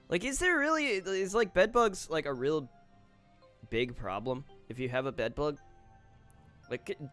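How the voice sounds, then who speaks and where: Male streamer, mid-pitched voice, casual offhand reactions, soft guitar music underneath. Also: clean tone. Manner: reactive, reads posts aloud and comments offhand. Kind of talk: casual live-stream commentary. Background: faint guitar music.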